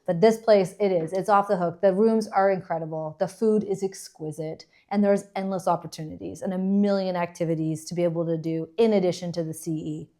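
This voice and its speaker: A woman's voice: on the low side, steady tone, a little fast, few pauses, warm tone. A woman co-hosting a casual podcast, enthusiastic and playfully teasing. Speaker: podcast co-host.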